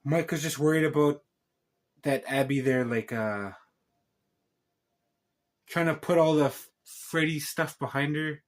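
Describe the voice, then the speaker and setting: A man's voice: on the high side, unhurried, pauses often. A man talking casually and rambling through a film review, stopping himself with joking asides and restarts. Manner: meandering, self-interrupting, joking asides. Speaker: channel host reviewing a film.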